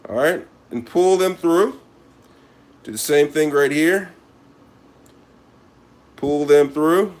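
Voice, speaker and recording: Man, cooking host, fairly high voice, mock-serious running commentary while he works. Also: takes it slowly, pauses often. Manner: mock-serious, repeats a catchphrase, talks to viewers as he works. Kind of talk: casual cooking demonstration to camera.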